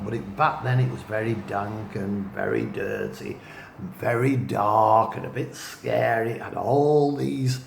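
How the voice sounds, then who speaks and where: A man's voice: medium pitch, creaky, roomy sound. A man from northwest England who tells stories in a rambling, self-mocking way, with chuckling asides. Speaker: writer and vlogger. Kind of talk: casual storytelling monologue.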